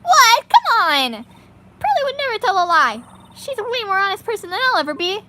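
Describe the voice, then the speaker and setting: A woman voicing an excitable young female spirit medium as she reads game dialogue aloud, with an eager, pleading, upbeat manner. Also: extremely high pitch, a little fast, voice pushed up. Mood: indignant.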